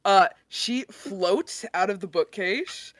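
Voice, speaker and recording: A woman's voice: medium pitch, slow. A woman narrating as game master in a tabletop game, chatty and full of fillers.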